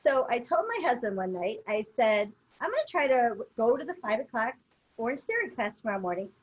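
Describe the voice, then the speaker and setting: A woman's voice: a little high, big pitch swings, a little fast, dull audio. A woman co-hosting a motivational webinar, telling a personal story in a chatty way with many fillers. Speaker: webinar co-host. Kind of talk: casual motivational chat.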